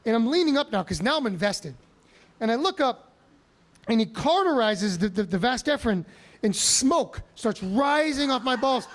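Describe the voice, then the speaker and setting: High-voiced profane stand-up comic. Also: male voice, moderate pace. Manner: animated, profane, self-mocking. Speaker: stand-up comedian. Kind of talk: stand-up comedy storytelling. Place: live comedy club stage.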